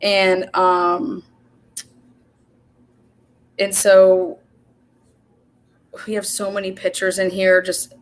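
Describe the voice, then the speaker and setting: Profane, animated woman telling a story on a livestream. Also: medium pitch, extremely slow, pauses often. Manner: animated storytelling, profane, quotes herself and others in dialogue. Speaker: show host. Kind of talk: casual livestream chat.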